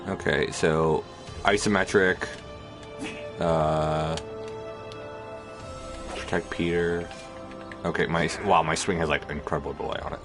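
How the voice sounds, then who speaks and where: A man's voice: extremely low pitch, steady tone, unhurried, long pauses, music in the background. A man streaming a game live, casual and rambling, with lots of filler words.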